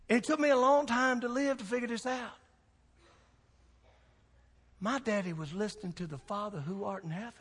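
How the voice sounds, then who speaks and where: A man's voice: sits high, slightly rough, big-room sound. A man, a pastor preaching a sermon with folksy, emphatic storytelling.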